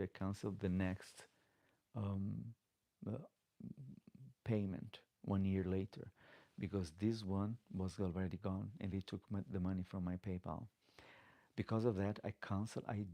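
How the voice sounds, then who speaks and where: A man's voice: lowish voice, gravelly, dark tone, no room sound. A middle-aged man hosting a live Q&A as a drag performer, chatting loosely in slightly broken English with lots of restarts. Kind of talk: casual live-stream chat, reading viewer comments. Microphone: desk microphone.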